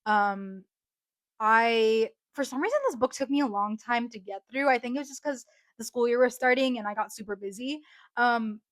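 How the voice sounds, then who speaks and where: A young woman talks through a book review in a loose, excited ramble, full of fillers and restarts. Her voice sits a little high. The recording is dry and close, with no room sound. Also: moderate pace, no echo. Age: young adult. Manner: chatty, gushing, many fillers. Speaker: book vlogger.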